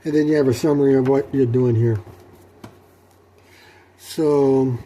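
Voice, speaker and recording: A middle-aged man talking through his solo tabletop role-playing session in a rambling, halting way, with many fillers and restarts. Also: medium pitch, steady tone, mellow. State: sleepy, yawning. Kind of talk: rambling casual talk.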